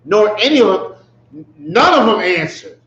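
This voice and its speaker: A man with a high voice leads a Bible study, teasing the verses with sarcastic mockery and frequent rhetorical questions. The sound is echoey and dull, like a lo-fi recording in a bare room. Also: sing-song, measured pace, a bit bright, slight background noise. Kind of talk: street-style Bible teaching.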